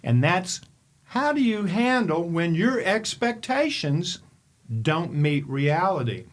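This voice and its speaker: An older man from Kentucky, a podcast host and coach, telling a story in an animated, emphatic way and firing off rhetorical questions. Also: high-pitched, slow pace. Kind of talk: storytelling monologue.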